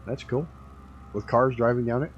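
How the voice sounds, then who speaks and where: A man's voice: mid-range voice, steady tone, moderate pace, dull audio, slight background noise. A man streaming a flight game, chatting casually and rambling through stories with the odd swear word. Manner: laid-back rambling storyteller, swears casually.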